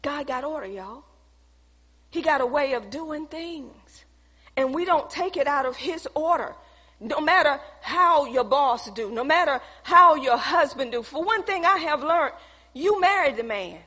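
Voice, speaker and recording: A woman's voice: sits high, expressive, measured pace, sharp tone, big-room sound. A woman preaching a sermon, telling a personal story and talking to the congregation in a conversational, call-out way.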